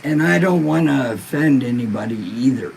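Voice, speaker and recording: A man's voice: mid-range voice, expressive, moderate pace, vocal fry, darkish tone, a little hiss or hum, rough recording. A laid-back man hosting a live-stream podcast, stoned and in pain, reading viewer comments in a rambling, profane way. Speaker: livestream podcast host.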